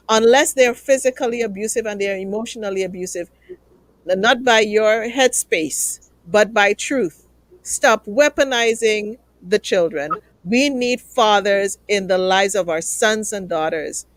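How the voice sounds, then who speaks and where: A woman's voice: medium pitch, dry recording. Earnest woman host, dry sound. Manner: emotional, earnest, pleading. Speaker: talk show host. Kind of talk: live show sign-off to viewers.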